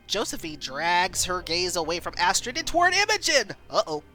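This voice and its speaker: A woman streamer reading a story game aloud, expressive and playful, reacting as she goes. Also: lowish voice, normal speed, few pauses, over music.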